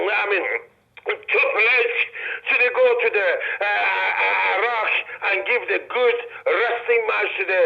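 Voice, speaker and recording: A man's voice: sits high, creaky. An older man from Iran, a guest calling in, speaking broken English and effusively repeating blessings and thanks. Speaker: phone-in guest, retired wrestler. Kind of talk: phone interview. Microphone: telephone. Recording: dull lo-fi phone line.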